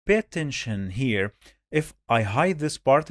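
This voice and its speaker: A man's voice: mid-range voice, very animated, unhurried, no echo, studio quality. A man teaching Quran reading in a step-by-step lesson, patiently repeating each sound many times. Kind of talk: slow step-by-step language lesson.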